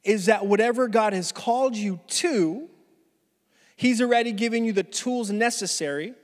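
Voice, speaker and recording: High-voiced male pastor, loose and animated storyteller, preaching in a reverberant church hall. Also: normal speed. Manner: animated, casual, restarts phrases often. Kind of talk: conversational sermon storytelling. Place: church sanctuary.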